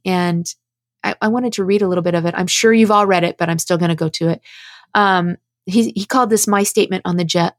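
A woman's voice: fairly low pitch, dry recording. Earnest preachy woman, dry close sound. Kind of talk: impassioned spoken commentary, reading prepared statements.

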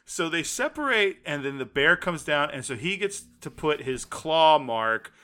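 A man chatting casually as a podcast co-host, his voice bright and forceful. He talks excitedly, acting out his own reactions as he retells a story. His delivery is lively and conversational. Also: fairly high pitch, a little slow, clear, resonant tone. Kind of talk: casual chat.

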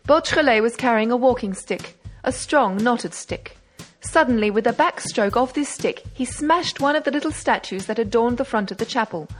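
A woman narrating a classic novel as an audiobook, in measured storytelling. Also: a little high, expressive, soft background music.

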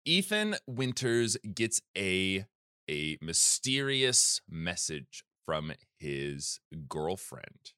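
A man with a fairly low voice hosts a loose comedy podcast, telling a story in a jokey, rambling way full of fillers. His tone is bright and crisp, and the sound is dry and close. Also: sing-song, extremely slow, no echo. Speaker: podcast host recapping game lore. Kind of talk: casual comedic chat.

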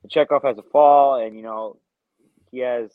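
Excitable man on a dull, dry mic. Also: medium pitch, normal speed, no echo. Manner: enthusiastic, crude, repeats words. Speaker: podcast co-host. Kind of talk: casual film review chat.

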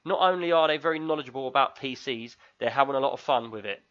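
A man's voice: mid-range voice, fast talker, fairly bright tone. A man with a London accent hosting a podcast in casual chat, joking and reading listener reviews aloud. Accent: London English. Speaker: podcast host. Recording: tinny lo-fi mic.

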